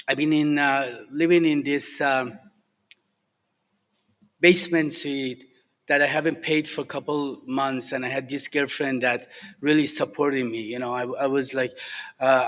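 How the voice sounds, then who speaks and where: A middle-aged man from Iran with a Persian accent, sharing his recovery story to a group, halting and earnest with many fillers and restarts. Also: medium pitch, fairly bright tone. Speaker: recovery alumni speaker. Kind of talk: personal recovery share to a group. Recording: echoey hall with long reverb.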